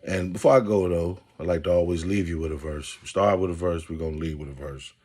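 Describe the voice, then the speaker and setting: Husky-voiced man hosting a casual podcast. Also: low-pitched, fast. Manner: animated, preacherly, talks straight to listeners. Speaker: podcast host.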